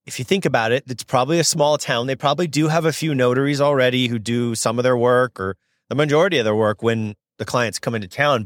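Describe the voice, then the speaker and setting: This podcast host, a young notary signing agent from Southern California, is upbeat and chatty as he tells a story, dropping in many fillers and imitating quoted voices. The recording is clean studio sound with no echo, and his voice is mid-range and fairly bright.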